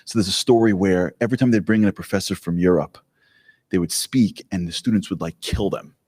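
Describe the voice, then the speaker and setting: A man giving a live talk to an audience, telling stories in an animated, joking way. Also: low voice, a little fast, breathy edge. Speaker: speaker. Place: hall with an audience. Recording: long hall reverb.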